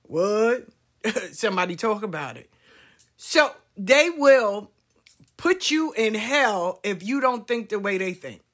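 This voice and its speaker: A woman's voice: mid-range voice, lively intonation, slow pace, a bit bright. A woman hosting a talk show, telling stories in a loose, swearing, chatty monologue. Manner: chatty, swearing, drawling Southern-style address to listeners. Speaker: podcast host. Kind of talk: casual storytelling monologue.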